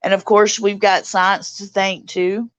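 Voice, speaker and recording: A woman hosting a casual livestream chat, reading out viewer comments and answering them warmly. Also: medium pitch, flat delivery, a little slow, clean tone, no echo, dull audio. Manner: warm, reads out viewer comments and greets chatters. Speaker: livestream host.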